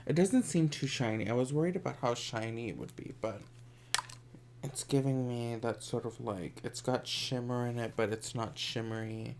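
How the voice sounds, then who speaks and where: A man's voice: mid-range voice, normal speed, gravelly, darkish tone, a little hiss or hum. A man chatting through a makeup tutorial in a campy, sassy way, sometimes dropping into whispered asides. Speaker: makeup vlogger. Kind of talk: casual makeup tutorial chat.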